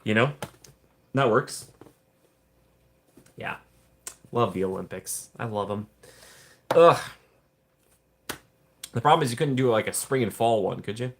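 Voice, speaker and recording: A man's voice: medium pitch, a little slow, long pauses, fairly bright tone, a little hiss or hum. A man hosting a casual livestream, rambling and joking while he reads viewer chat. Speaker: livestream host.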